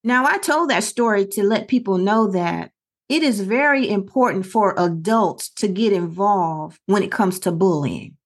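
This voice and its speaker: A woman's voice: medium pitch, expressive, unhurried. Earnest middle-aged woman telling a story. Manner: earnest storytelling with quoted dialogue. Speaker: podcast co-host. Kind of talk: casual podcast conversation.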